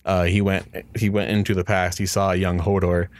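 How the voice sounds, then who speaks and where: A man with a very deep, low voice talks in a casual chat. His sound is dry, with no room around it. He is blunt and ready to argue. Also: little pitch movement, brisk, dry recording. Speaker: podcast co-host.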